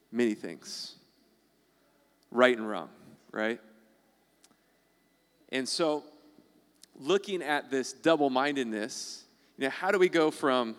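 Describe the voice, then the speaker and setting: Male pastor, casual sermon delivery, smooth voice, long hall reverb. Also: medium pitch, a bit bright. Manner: conversational, acts out quoted voices.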